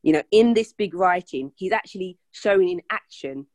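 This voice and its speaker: A woman's voice: fairly low pitch, expressive, normal speed, a little mellow, no echo. A woman taking part in a Bible study discussion, explaining her point thoughtfully. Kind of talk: group discussion.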